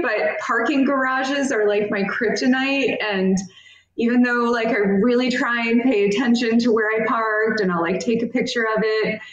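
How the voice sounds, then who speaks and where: Earnest woman guest in echoey room. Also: on the high side. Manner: thoughtful, earnest, many fillers. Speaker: podcast guest, author. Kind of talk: casual interview chat.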